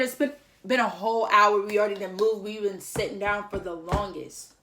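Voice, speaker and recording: A woman's voice: mid-range voice, fairly quick. A young woman vlogger telling a story in a chatty, slangy way, full of "like" and acted-out lines. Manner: animated, acts out others' lines. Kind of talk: casual storytelling.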